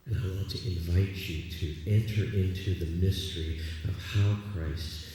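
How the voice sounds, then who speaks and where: A man with a deep, mellow voice preaches a sermon, sharing a personal story in a conversational, confessional tone. He sounds far from the microphone, and his words ring through a long, echoing church hall with faint room noise behind. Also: steady tone, unhurried. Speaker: pastor.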